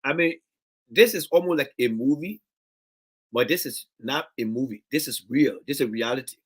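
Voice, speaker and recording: A man's voice: medium pitch, animated, normal speed, slightly rough. A man with a Liberian English accent giving impassioned political commentary, often stumbling and repeating words. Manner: impassioned, repetitive restarts. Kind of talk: video commentary.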